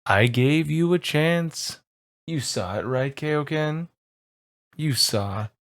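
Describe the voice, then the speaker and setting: A man voicing an unhinged male fantasy villain with a glowing gem, speaking slowly and menacingly and breaking into screams. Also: fairly high pitch, lively intonation, pitched above the performer's own voice. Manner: slow, menacing, bursts into screaming.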